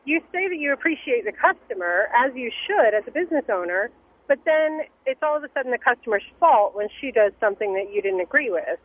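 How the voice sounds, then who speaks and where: A woman's voice: a little high, sing-song, a little fast, breathy edge. Incredulous woman caller on the phone. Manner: incredulous, pressing questions. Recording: tinny phone line with faint hiss.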